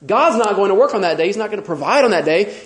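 A man preaching a sermon as pastor, animated and full of rhetorical questions. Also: high-pitched, fast, roomy sound.

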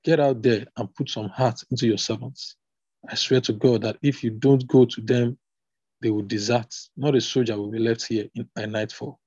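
A man reading the lines of a stern male army commander who bluntly scolds the king, in a husky voice. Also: medium pitch, fairly even intonation, moderate pace, a little mellow, no room sound, lo-fi sound, close to an everyday voice. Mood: scolding.

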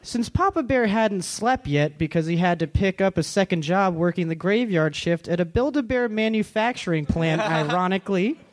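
A man, a comedian, reading a comic story in a deadpan storybook manner at a comedy club. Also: high-pitched, moderate pace, few pauses.

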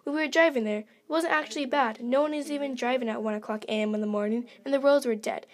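A woman's voice: high voice, fast talker. A woman reading her own story aloud in a plain, earnest way, with simple phrasing.

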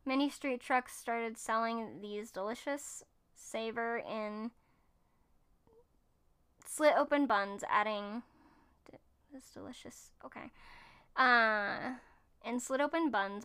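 A woman's voice: fairly high pitch, slow, pauses often, a bit bright, smooth. A woman hosting, reading food facts off her screen and chatting about them, stumbling and correcting herself as she goes. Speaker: host reading and commenting. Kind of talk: casual commentary reading from screen.

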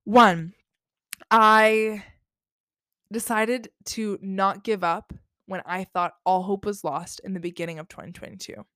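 A woman's voice: mid-range voice, a bit bright, no echo, clean studio sound. Effusive, swearing spiritual woman podcaster. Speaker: podcast host. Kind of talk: casual spiritual podcast monologue.

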